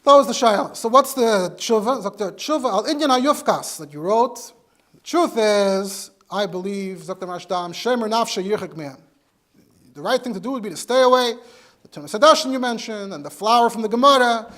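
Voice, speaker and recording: A man's voice: high voice, lively intonation, a little fast, fairly bright tone. A man, a rabbi, teaching a halacha class in English. He explains sources step by step and mixes in Hebrew and Yiddish terms. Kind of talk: Torah lecture.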